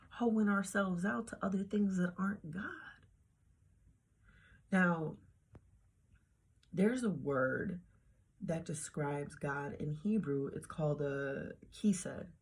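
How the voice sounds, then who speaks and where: Woman vlogging about faith, deep gravelly voice, real husky and breathy, slangy, slips into whispers. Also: slow. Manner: slangy, emphatic, drops to whispers. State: heartbroken after a breakup. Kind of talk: casual devotional talk to camera.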